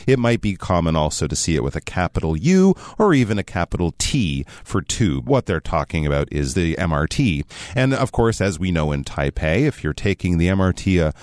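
A man co-hosting a radio English lesson, explaining phrases in an animated, explanatory way. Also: a little fast, no echo, studio quality. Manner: animated, explanatory, lively pitch swings. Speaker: English teacher co-host.

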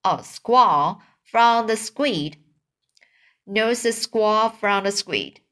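A woman's voice: mid-range voice, expressive, extremely slow, a bit bright. A woman voicing a grown man, a proud and fussy boat owner who grumbles and then turns hearty, in a storybook reading. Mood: grumbling.

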